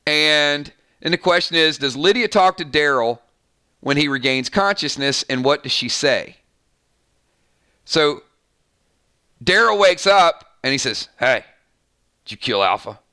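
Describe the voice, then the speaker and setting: A man's voice: a little high, unhurried, long pauses, pushed and bright, clean tone. A man hosting a live stream, chatting casually and thanking viewers by name, often stumbling and restarting his sentences. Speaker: live-stream show host.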